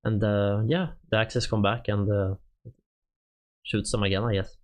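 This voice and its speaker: A man with a Swedish accent talks through a game's units on a stream, his voice sitting a little low. He reads in a halting, casual way and fills the gaps with lots of "uh"s. He is a native Swedish speaker speaking English. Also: fairly even intonation. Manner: halting, many "uh" fillers while reading out game info. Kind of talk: casual game stream talk.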